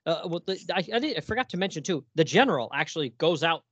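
A man's voice: a little high, lively intonation, fast talker, fairly bright tone, dry recording, highs cut off. A man hosting a podcast, chatting casually and with enthusiasm, laughing often and restarting his sentences. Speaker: podcast host. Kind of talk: casual chat.

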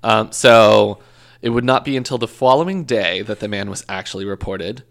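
A man with a low, gravelly voice narrates a true crime case in casual conversation. He jokes, swears now and then, and corrects himself as he goes. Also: moderate pace. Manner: joking storyteller, swears, self-corrects. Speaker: podcast co-host telling a true crime case. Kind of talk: casual chat.

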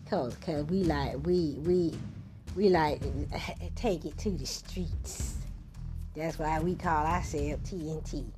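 A woman's voice: deep voice, slow pace. A woman hosting a podcast in loose, slangy casual chat, swearing freely, with music playing behind her. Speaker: podcast host.

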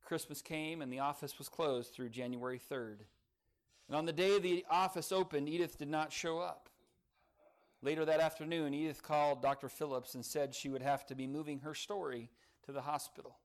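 A male pastor preaching a sermon, telling a story earnestly with dramatic pauses. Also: fairly high pitch, fairly even intonation.

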